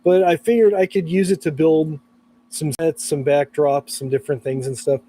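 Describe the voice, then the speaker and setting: A man from California, hoarse from allergies, chatting casually and laughing often on a live stream. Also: on the high side, fairly even intonation, normal speed, warm tone.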